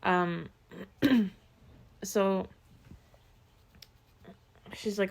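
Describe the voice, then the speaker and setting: Her mid-range voice holds a steady tone, with drawn-out words, vocal fry, and frequent pauses. As a podcast co-host, she spins true-crime tales in a relaxed, chatty way, sprinkling in plenty of fillers and quoted asides.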